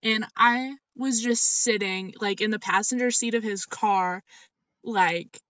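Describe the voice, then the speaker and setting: A woman's voice: medium pitch, slow, a bit bright, dry recording. A young woman co-hosting a podcast, telling a rambling story in casual chat and laughing often. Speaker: podcast co-host. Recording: slightly dull lo-fi audio, dry.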